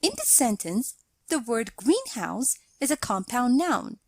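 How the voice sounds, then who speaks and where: A woman narrating a scripted grammar lesson, explaining slowly and deliberately and reading out example sentences. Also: fairly high pitch, very animated, no room sound. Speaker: English teacher.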